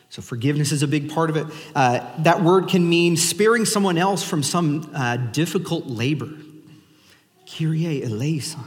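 A man's voice: on the high side, in a large hall. A man preaching a sermon as pastor in a casual, conversational way, inviting the congregation to join in.

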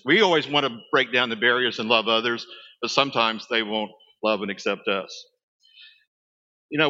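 A man's voice: mid-range voice, pushed and bright, in a large hall, lo-fi sound. A man, preaching a sermon as a pastor, talking conversationally with asides to his congregation.

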